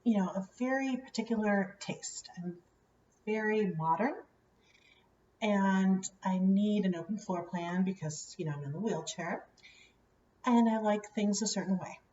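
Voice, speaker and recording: A woman telling a personal story in a casual vlog, chatty with many fillers and lively quoted voices. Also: medium pitch, a little slow, roomy sound, recorded from a distance, lo-fi sound, a little hiss or hum. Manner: chatty, many "you know" fillers, animated quoting. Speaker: vlogger.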